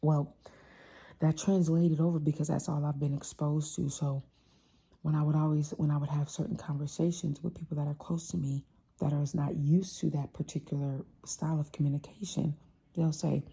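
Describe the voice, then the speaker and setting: Low husky woman, passionate talk. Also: moderate pace. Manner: animated, passionate, acts out family voices. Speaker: host. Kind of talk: casual motivational talk.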